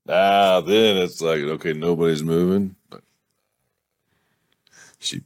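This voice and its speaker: Slow, gravelly man reading aloud. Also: deep voice, fairly even intonation, a little mellow, dry recording. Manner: reads slowly, breaks off to laugh, swear and joke. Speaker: reader of a romance novel. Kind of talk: casual read-aloud with commentary.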